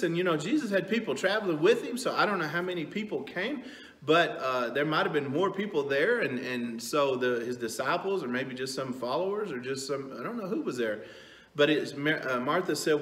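A man's voice: a little high, lively intonation, a little fast, fairly bright tone, reverberant. A middle-aged man giving a casual, rambling youth sermon, telling stories with lots of fillers. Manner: rambling, folksy storytelling with many fillers. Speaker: youth pastor. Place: church sanctuary.

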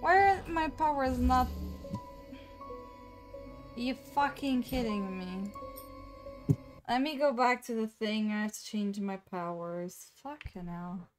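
A woman's voice: on the high side, animated, takes it slowly, pauses often, over music. A young woman streaming a game live, cursing and laughing in exasperation as she plays. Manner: swearing a lot, exasperated, laughing often. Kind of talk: live gameplay commentary.

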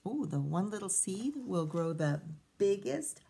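A woman teacher reading a picture book aloud to children, expressive, with chatty asides to her listeners. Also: medium pitch, a little slow, vocal fry, breathy edge.

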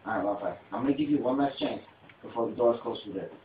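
A man's voice: mid-range voice, fast, a little hiss or hum. A man hosting a homemade comedy skit, bossy and self-pitying, talking in blustering bursts. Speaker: comedy show host playing the boss. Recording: dull tinny phone-like audio in an echoey room.

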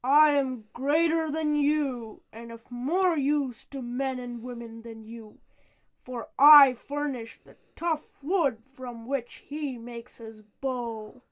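A woman's voice: high-pitched, slow pace. A woman reading a storybook and voicing a stubborn, proud male ash tree that refuses to give way. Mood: stubborn defiant. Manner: defiant, firm.

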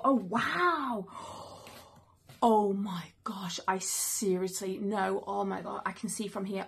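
A woman in her thirties speaks with a husky, breathy edge and sits a touch higher than most. She sounds tender and easily moved, and she keeps restarting her sentences as she talks into a camera mic at home. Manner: emotional, tearful at times, reads notes aloud, many restarts. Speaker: channel host opening gifts. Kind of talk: casual unboxing vlog. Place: home room, indoors.

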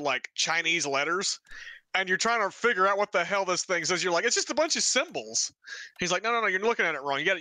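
A man's voice: a little high, pushed and bright, no room sound. A man telling rambling joke stories in casual chat while gaming, acting out the quotes. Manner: rambling storyteller, acts out quotes. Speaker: streamer. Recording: noisy game stream audio.

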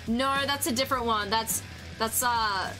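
Female streamer, higher voice, chatty and excitable, swears freely, faint music underneath. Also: normal speed. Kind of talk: casual live-stream chat.

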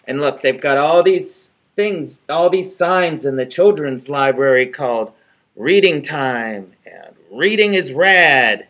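A middle-aged man, a library director, reading a children's book aloud in an animated, expressive way. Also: a little high, slow.

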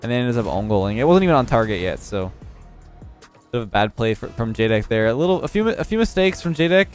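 Young man, game commentary, just woke up and yawning, relaxed play-by-play analysis, mid-pitched. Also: quick pace, soft background music. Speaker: gaming YouTuber commentating his own match. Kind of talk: casual gameplay commentary.

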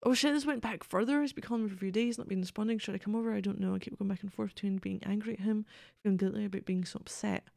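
A woman's voice: medium pitch, steady tone, very fast, vocal fry, few pauses, darkish tone, no room sound, clean studio sound. A woman streaming a game, reading its texts aloud and cracking sardonic, profane jokes in casual commentary.

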